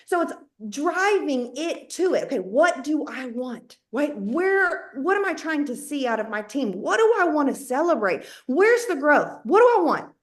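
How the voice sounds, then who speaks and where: A woman with a Southern accent, around her thirties, giving an animated motivational talk to her sales team and acting out her own inner voice as she talks. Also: high-pitched, moderate pace, hardly any pauses. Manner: animated, talks to herself and the listener, plays out inner dialogue. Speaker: network marketing team leader.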